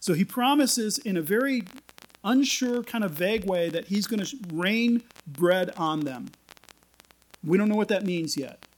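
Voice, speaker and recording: A man's voice: high voice, lively intonation, unhurried, rough recording. A man giving a casual, conversational sermon, retelling scripture in everyday language with frequent restarts and playful asides. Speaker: preacher.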